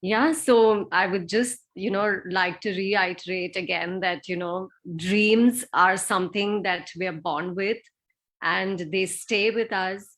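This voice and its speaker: A woman guest in a live video interview, speaking calmly and earnestly. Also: medium pitch, slow pace.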